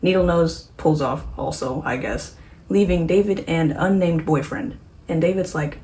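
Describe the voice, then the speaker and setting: A woman's voice: low voice, dark tone, low-quality recording. Sarcastic woman recapping a movie. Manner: sarcastic, offhand, quick asides. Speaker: host recapping a horror movie. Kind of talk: casual chat, movie recap.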